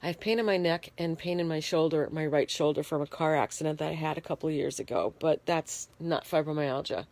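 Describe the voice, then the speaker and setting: A woman's voice: deep voice, darkish tone. A congested, shivering woman talking plainly to her phone from her bed in a casual video diary. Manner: plain, unhurried, explaining in detail. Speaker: vlogger. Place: bedroom, in bed. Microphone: phone held in hand.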